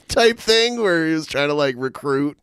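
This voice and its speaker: A man's voice: fairly high pitch, lively intonation, a little slow, fairly bright tone, clear, resonant tone, dry recording, studio quality. A man co-hosting a podcast, reacting with bemused laughter in casual chat. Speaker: podcast co-host.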